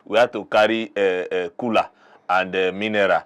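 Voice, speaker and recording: A man's voice: low-pitched, fairly even intonation, moderate pace, a bit bright, clear, resonant tone. A man with a Nigerian accent, a guest in a talk-show debate, arguing his side in an emphatic, preachy way. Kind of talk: heated debate argument.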